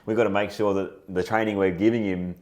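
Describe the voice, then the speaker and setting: A man co-hosting a casual chat, energetic and growing louder when he gets enthused. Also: on the low side, quick pace. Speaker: co-host, trainer.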